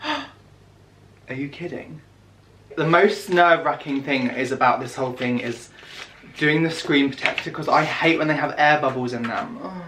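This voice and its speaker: A young man talks through an unboxing vlog in a gushing, excitable way, gasping and sinking into hushed whispers. His pitch sits in an ordinary middle range, and a faint hiss runs under the recording. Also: normal speed. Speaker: vlogger.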